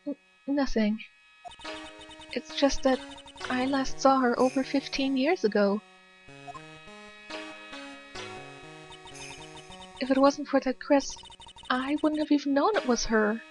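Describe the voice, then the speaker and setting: A woman's voice: high-pitched, unhurried, long pauses, soft background music. A woman voicing a cheerful, teasing teenage girl who is a spirit medium, in a fan dub of a video game. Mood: wistful.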